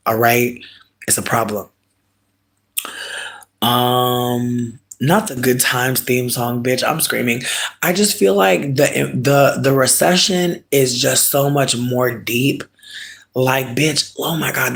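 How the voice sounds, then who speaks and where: Man, gravelly voice, mid pitch, casual comic rant to viewers, profane and emphatic. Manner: animated, emphatic comic ranting; profane, drawn-out slow emphasis. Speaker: streamer chatting with viewers. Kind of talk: casual chat.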